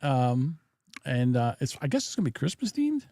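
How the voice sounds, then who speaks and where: A man hosting a podcast in casual chat, self-mocking and halting as he talks. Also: medium pitch, very animated, dark tone, no room sound, clean studio sound. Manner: self-deprecating, halting with restarts. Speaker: podcast host.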